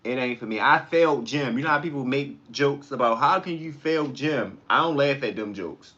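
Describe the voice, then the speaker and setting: A man hosting a casual livestream, chatting with viewers and telling stories in a slangy, animated way. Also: medium pitch, a little fast, muffled recording. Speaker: livestream host. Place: home kitchen.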